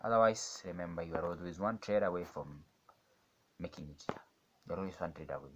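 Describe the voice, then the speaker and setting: A man's voice: sits low, fairly quick, heavy background noise. Rambling man talking through a trade. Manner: rambling, self-questioning, swings between calm analysis and excited outbursts. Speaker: day trader narrating his screen. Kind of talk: casual live commentary.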